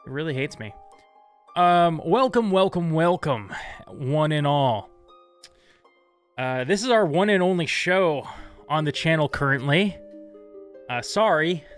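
Guy hosting a d&d stream, kinda high voice, chatty and jokey, bit of music under it. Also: expressive, a little slow, pauses often, smooth. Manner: chatty, apologetic, joking. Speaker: host. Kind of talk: casual stream chat.

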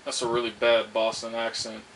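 A man's voice: mid-range voice, monotone, moderate pace, a little hiss or hum, poor audio. A man giving casual, rambling, sarcastic commentary while playing a video game. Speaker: gameplay commentator. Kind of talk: let's play commentary. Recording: loud game music behind. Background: video game music.

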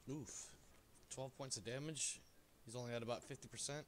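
A man's voice: medium pitch, normal speed, slight background noise. A man streaming a game with friends, joking around and laughing often in casual chat.

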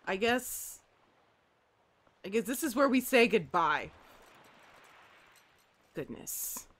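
Brief: woman gamer, let's-play commentary, unhurried, bright tone, chats to the game objects. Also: fairly high pitch. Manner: talks to the game and its objects, swings between mopey and excited outbursts.

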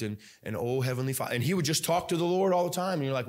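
A man's voice: mid-range voice, lively intonation, racing, hardly any pauses, a little mellow. A young male pastor preaching a sermon in a church, restarting often, with many fillers and restarts. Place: church sanctuary.

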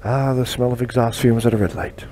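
A man's voice: mid-range voice, steady tone, a little fast. A man in his forties telling self-mocking stories while riding a motorcycle, recorded on a helmet mic. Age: 40s. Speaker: motorcycle vlogger. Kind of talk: casual storytelling while riding. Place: on a motorcycle in city traffic outdoors. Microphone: helmet-mounted mic. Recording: loud traffic and road noise.

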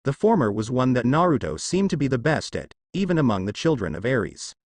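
A man reads a fan story aloud with an animated, expressive pitch. His voice sits mid-range and close, with no room sound around it. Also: a little fast, no room sound. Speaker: fanfiction reader. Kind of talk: scripted story narration.

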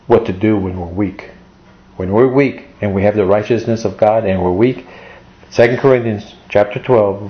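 A man's voice: fairly low pitch, highs cut off. A male pastor preaching an emotional sermon, repeating his points and reading scripture aloud.

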